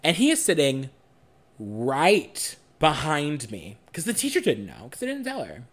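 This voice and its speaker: A young man co-hosting a podcast, telling a personal story in a frank, animated way and swearing freely. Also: a little high, fast. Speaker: podcast co-host.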